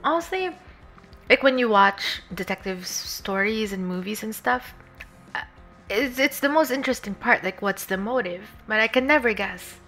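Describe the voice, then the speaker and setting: A chatty woman streamer with a bright, forceful voice that sits a little high. She giggles often and reads lines aloud as she plays. Soft game music hums faintly underneath. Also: animated, normal speed. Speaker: VTuber streamer. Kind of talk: casual game stream chat.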